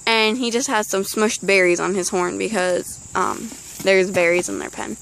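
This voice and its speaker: A woman's voice: medium pitch, fairly even intonation, normal speed, gravelly, a bit bright, slight background noise, rough recording. A teenage girl chatting casually outdoors beside an animal pen, rambling with frequent ums. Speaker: vlogger. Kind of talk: casual chat.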